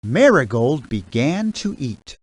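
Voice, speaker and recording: Woman narrator for a kids' storybook game; very slow, lively reading, dry close mic. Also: a bass voice, no echo.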